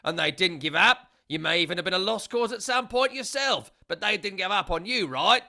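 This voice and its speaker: A man impersonating an exasperated, defiant Australian football manager, loud and slow. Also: sits high, expressive, voice pushed up, full character voice.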